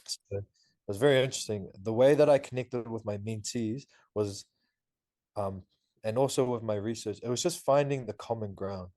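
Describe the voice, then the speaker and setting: Rich: a young man from New Zealand with a lowish voice, chatting as a podcast guest. He tells stories in an animated, laughing way, full of fillers. His voice sounds dry and close, with little room around it. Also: normal speed, no room sound. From Auckland, New Zealand. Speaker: podcast guest, university student. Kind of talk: casual interview talk.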